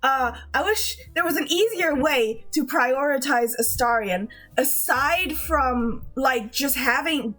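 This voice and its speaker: Giggly, gushing high-voiced woman. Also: animated, slow pace, hardly any pauses, pushed and bright, faint music behind. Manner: giggly and gushing, swears, many restarts. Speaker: streamer. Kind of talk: casual chat with viewers.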